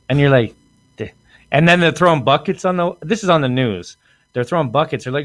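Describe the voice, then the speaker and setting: A man in his thirties hosting a comedy podcast, telling a story in an animated way, acting out quotes and laughing often. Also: fairly high pitch, quick pace, dry recording. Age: 30s. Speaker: podcast host.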